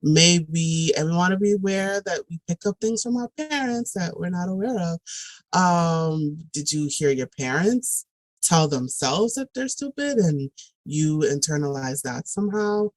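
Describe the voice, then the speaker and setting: A woman's voice: lowish voice, animated, unhurried, no room sound, rough recording. A woman talking on a podcast as a guest, reflective and thoughtful, with many ums and restarts. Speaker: podcast guest, tutoring director. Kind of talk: casual podcast talk.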